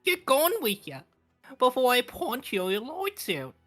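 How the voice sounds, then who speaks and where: A man voicing a hostile, drunk prison governor in a shifting mock Irish-southern accent, threatening and gruff. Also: extremely high pitch, huge pitch swings, a little slow, fairly bright tone, faint music behind, pitched above the performer's own voice, exaggerated voice. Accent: shifting put-on Irish, southern, Brooklyn.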